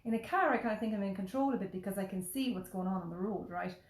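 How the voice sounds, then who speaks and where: Fast-talking Irish woman in a roomy space. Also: medium pitch. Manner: animated, chatty, peppered with swearing and "like". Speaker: podcast host. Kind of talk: casual storytelling chat. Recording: roomy echo.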